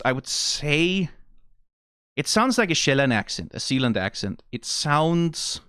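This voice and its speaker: A young man from Denmark speaks English with a Danish accent, in a casual, rambling reaction. His pitch swings widely as he talks. The sound is dry and close, with no room around it. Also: fairly bright tone, clean tone, no room sound. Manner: musing, rambling, many restarts and laughs. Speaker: video reaction host.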